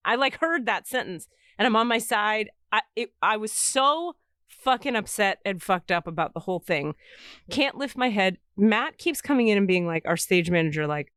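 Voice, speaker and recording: A middle-aged woman hosts a podcast and tells a story with lots of life, jumping into the voices of the people in it. Her voice is mid-pitched and the sound is close and dry, with no room around it. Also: normal speed, smooth, no room sound. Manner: animated storyteller, acts out quoted voices. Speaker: podcast host. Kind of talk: casual storytelling chat.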